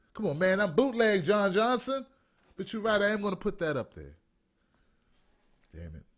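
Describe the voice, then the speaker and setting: A man from Washington, D.C., hosting a live call-in commentary show, reading viewer comments and ranting bluntly with lots of profanity. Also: sits high. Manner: profane, blunt, mocking, no filter; reads viewer comments aloud. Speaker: host.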